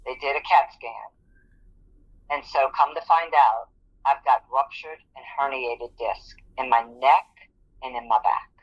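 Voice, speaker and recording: A woman's voice: a bass voice, measured pace. A middle-aged woman, an interview guest, telling her personal story in an earnest, vivid way. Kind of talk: personal testimony in conversation. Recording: dull lo-fi audio.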